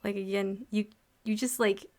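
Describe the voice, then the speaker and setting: A young woman co-hosting an anime review, chatting casually and excitedly with many fillers. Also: medium pitch, moderate pace. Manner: excited, swearing, filler-heavy fan talk. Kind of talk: casual chat.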